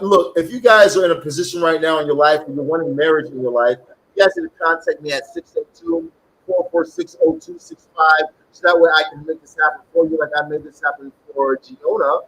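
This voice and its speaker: A man's voice: on the high side, a bit bright, a little hiss or hum, low-quality recording. A man who calls himself a shaman, talking casually to camera. He rambles, repeats himself, and keeps checking in with "okay?". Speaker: self-styled shaman and spiritual reader. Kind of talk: casual direct-to-camera pitch.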